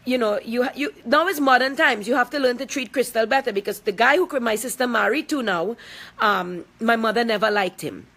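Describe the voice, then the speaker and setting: A woman's voice: fairly high pitch, brisk, a bit bright. A woman, speaking out in a confrontational, emphatic personal video, repeating points for force. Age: 40s. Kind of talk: angry personal video statement.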